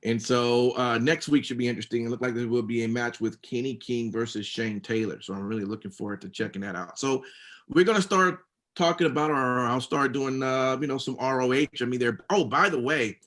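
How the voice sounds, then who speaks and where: A man's voice: medium pitch, a little fast, a bit bright. A man co-hosting a casual wrestling podcast, reading rules aloud and then rambling with many fillers and restarts. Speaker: podcast co-host recapping wrestling.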